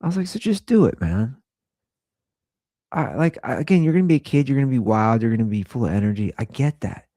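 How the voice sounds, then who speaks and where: A man in his thirties with an American accent, hosting a casual rant show and acting out quotes in higher voices. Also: animated, a little fast, mellow, dry recording, clean studio sound. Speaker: podcast host.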